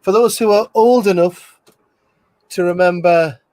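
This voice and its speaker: A man's voice: sits high, a little slow, darkish tone, a little hiss or hum. A man hosting a casual movie commentary, rambling with restarts and frequent laughs. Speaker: film commentary host.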